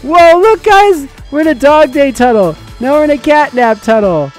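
A gameplay channel host giving excited commentary for kids, full of exclamations and calls to the viewers. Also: high-pitched, moderate pace, faint music behind.

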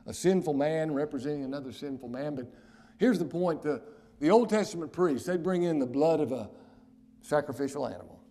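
Here a man preaches as a pastor, his voice fairly high. He moves between loud, insistent pronouncements and hushed tones close to a whisper, pressing slowly and weightily on crucial phrases.

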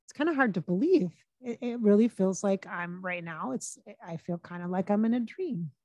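A woman working as a psychic medium, talking casually and relaying quotes in her own plain voice with frequent pauses and restarts. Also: mid-range voice, animated, warm tone, no echo, muffled recording. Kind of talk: casual channeling session monologue.

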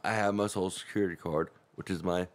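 Low-voiced man chiming in agreeably. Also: fairly even intonation, quick pace. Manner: agreeable, chiming in with short remarks. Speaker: podcast co-host. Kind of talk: casual podcast chat.

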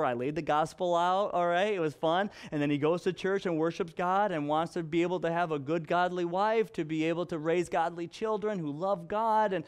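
A male pastor preaching a storytelling sermon, animated and acting out dialogue with playful voices. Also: a little high, clean tone.

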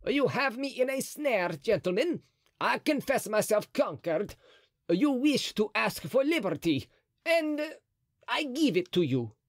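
A man voicing a scheming, frightened old Italian cardinal in an audiobook, with a shrill, crafty, nervous manner. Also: sing-song, unhurried, no room sound, studio quality, heavily acted. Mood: wheedling.

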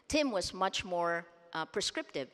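A low-pitched woman gives an emphatic keynote speech into a podium microphone. She is from the Philippines and stresses her points by repeating words. Her voice carries a long echo through a big conference hall. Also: animated, unhurried, a bit bright. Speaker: keynote speaker. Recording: long reverb of a large hall.

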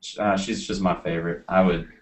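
Young man, very low voice, from Nashville, relaxed band interview chat, hesitant fillers. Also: a little fast. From Nashville, USA. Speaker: band member guest.

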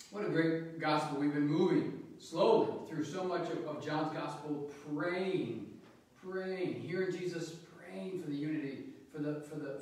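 A man preaching at Mass in a large church, conversational and halting, often repeating a word before moving on. His slightly high voice is picked up from a distance. The sound is very echoey, with a faint hiss underneath. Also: darkish tone. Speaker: priest. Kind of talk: gospel reading and homily at Mass.

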